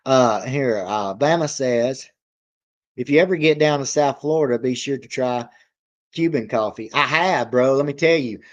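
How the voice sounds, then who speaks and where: Guy rambling on his livestream, folksy, laughs a lot, kinda dull lo-fi sound. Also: on the high side. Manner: rambling, folksy, laughs often, reads chat aloud. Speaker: livestream reaction host. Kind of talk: casual livestream chat.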